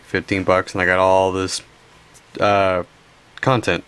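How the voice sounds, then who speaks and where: A man's voice: low voice, a bit bright, a little hiss or hum. A tired young man casually showing his game collection, rambling with restarts and stifled yawns while filming. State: sleepy. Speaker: collection video host. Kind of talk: casual show-and-tell narration.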